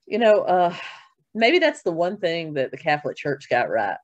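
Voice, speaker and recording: Brief: casual interview host, mid-pitched, chatty, dry studio mic. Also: sing-song, moderate pace, no echo, dull audio. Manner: chatty, storytelling, laughs often. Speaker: podcast host.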